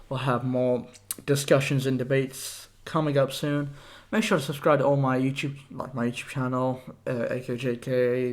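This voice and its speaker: A young man hosting a solo tech podcast, talking casually and rambling with lots of fillers, a little out of breath. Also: medium pitch. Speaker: podcast host.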